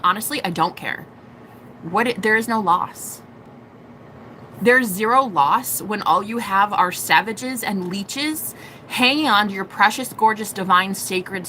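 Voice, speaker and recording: Young woman, tarot streamer; bright, forceful delivery, profane and theatrical, slight background noise. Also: mid-range voice. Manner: animated, profane, acts out quoted voices. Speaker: tarot reader. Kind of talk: live-stream tarot reading.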